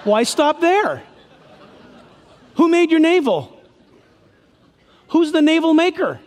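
A man's voice: very high voice, sing-song, slow, a little mellow, long reverb tail, some chatter behind. A male pastor preaching a sermon, emphatic and full of rhetorical questions.

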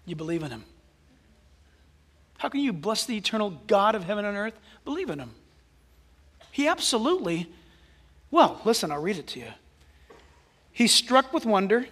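Male pastor, high bright voice, animated sermon, long hall reverb. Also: normal speed, long pauses, breathy edge. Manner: animated, swings from hushed asides to loud exclamations.

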